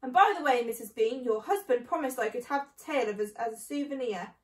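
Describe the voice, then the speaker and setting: A woman's voice: high voice, animated, normal speed, a bit bright, roomy sound. A woman voicing a big, blunt serving woman who grumbles, in a storybook reading. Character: big plain-spoken woman servant.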